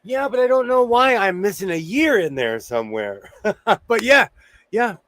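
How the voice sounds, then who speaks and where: A man's voice: sits high, sing-song, unhurried, a bit bright, dry recording. An older man hosting a casual livestream chat, talking chattily and laughing easily. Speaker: host.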